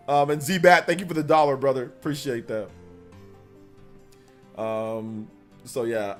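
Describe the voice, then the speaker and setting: A man's voice: fairly high pitch, a bit bright. A man streamer chatting casually on a live reaction stream, rambling, laughing and reading donation messages aloud. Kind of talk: casual livestream reaction chat.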